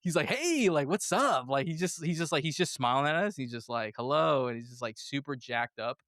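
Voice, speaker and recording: A man hosting a casual movie review podcast, animated and laughing often as he acts out quotes. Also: mid-range voice, fast, no echo, studio quality. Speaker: podcast host.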